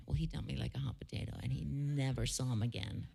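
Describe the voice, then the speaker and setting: A singer-songwriter woman telling an animated, chatty story before a song, with laughing asides. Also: a bass voice, fast, gravelly, hardly any pauses, slightly rough, in a large hall.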